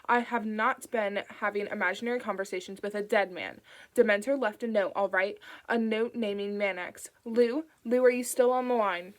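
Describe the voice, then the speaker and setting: A hard-edged woman on the run, talking fast and forcefully, as a woman narrator reads her lines. Her words come clipped and urgent. It is an audiobook performance. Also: mid-range voice, fairly even intonation, lightly acted.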